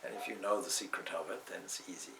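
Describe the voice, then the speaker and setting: Brief: swami, male, low and gravelly, rambling storyteller at an indoor talk. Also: quick pace, noisy background. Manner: discursive, with asides and restarts. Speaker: swami giving a spiritual talk.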